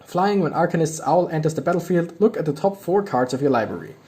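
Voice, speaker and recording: Young adult man, fairly high and very animated voice, casual card-opening commentary with excitable outbursts. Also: fast talker. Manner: reads card text aloud, excitable reactions. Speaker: YouTuber opening card packs.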